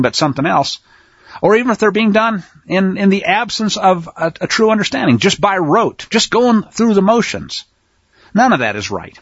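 A man giving a teaching sermon, reading scripture aloud slowly with heavy emphasis and breaking in with casual asides. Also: a little high, a bit bright, breathy edge, dry recording, muffled recording. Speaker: Bible teacher.

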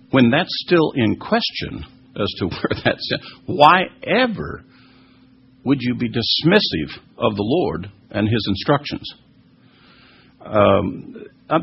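A man's voice: mid-range voice, vocal fry, slightly rough. A man teaching scripture and answering listeners' questions, earnest and emphatic, with many fillers and restarts. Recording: dull lo-fi recording.

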